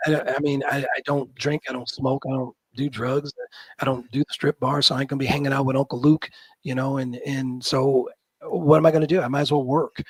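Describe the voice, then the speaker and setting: Husky-voiced Midwestern man in his fifties, dry close sound, rambling guest chat, self-deprecating. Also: medium pitch, level tone, brisk, no room sound. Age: 50s. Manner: rambling, self-deprecating storyteller with many restarts. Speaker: guest, college football general manager. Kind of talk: casual interview chat.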